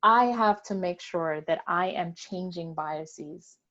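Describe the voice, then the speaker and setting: Measured woman on a dull video call. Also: on the low side, a bit bright. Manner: deliberate, reflective, occasional laughs. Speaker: panelist. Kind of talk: candid discussion.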